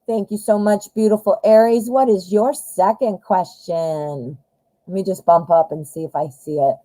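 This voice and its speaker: A woman's voice: medium pitch, moderate pace, mellow, dry recording, low-quality recording. A woman giving a live-stream tarot reading, chatting directly to viewers with lots of fillers and friendly asides. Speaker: tarot reader.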